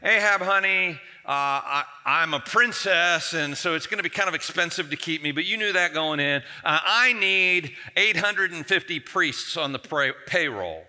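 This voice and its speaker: A man's voice: on the high side, expressive, moderate pace, hardly any pauses, pushed and bright, big-room sound, voice pushed up. A man putting on a haughty, demanding princess bride. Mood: entitled. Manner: coaxing, entitled.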